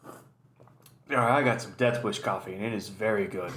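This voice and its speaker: A man's voice: fairly low pitch, moderate pace, background noise. A man telling stories and reacting as a casual YouTube host, rambling and swearing often. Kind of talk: casual storytelling and reaction commentary. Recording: roomy echo.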